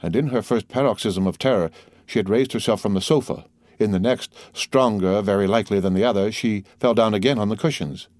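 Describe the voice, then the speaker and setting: A man narrates a classic novel as an audiobook, measured and dramatic. His voice is on the low side and the recording is dry and close, with no room sound. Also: a little mellow, no room sound.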